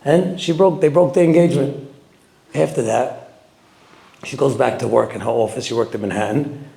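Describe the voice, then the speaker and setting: A man giving a sermon as a rabbi, animated, swinging between loud emphasis and quiet asides. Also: medium pitch, moderate pace, creaky, echoey room. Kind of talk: sermon with storytelling.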